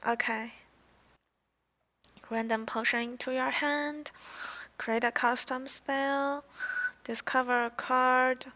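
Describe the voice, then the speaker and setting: A young woman streamer who is not a native English speaker, chatting casually and haltingly while reading game card text aloud on a headset mic. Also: high-pitched, fairly even intonation, bright, forceful tone. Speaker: game streamer reviewing cards. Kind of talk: casual live-stream chat.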